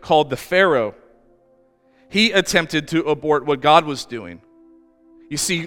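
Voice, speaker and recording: A man's voice: on the high side, pushed and bright. A man preaching a sermon as pastor, telling the story in a conversational way with asides. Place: church. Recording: reverberant church hall with faint music.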